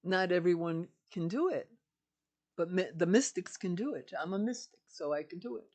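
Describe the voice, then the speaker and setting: A woman's voice: fairly low pitch, lively intonation, normal speed, a little mellow. An older woman, a spiritual teacher, giving an emphatic, repetitive teaching monologue.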